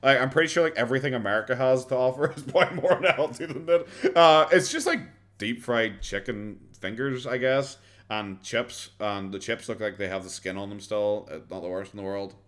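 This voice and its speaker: Irish man, young, streamer. Casual reaction commentary, mid pitch, sardonic, foul-mouthed, rambling. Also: brisk, a bit bright. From Ireland. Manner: sarcastic, swears freely, rambling with many fillers.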